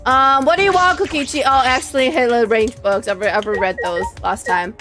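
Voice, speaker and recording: High-voiced woman streamer reading game text. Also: brisk. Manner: animated, dramatic, switches between reading lines and chatting with viewers. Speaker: streamer playing a visual novel. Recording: faint game music behind.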